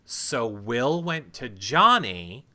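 Man, casual chat host, animated storytelling, bright voice, middle pitch. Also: very slow. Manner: animated storytelling with many fillers. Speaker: reality show recap host.

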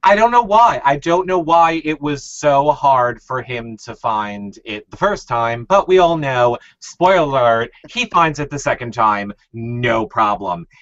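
Man, recap host, casual chat, animated pitch, dry muffled sound. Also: measured pace, few pauses, no echo. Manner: opinionated, hands turns to co-hosts. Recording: slightly muffled dry audio.

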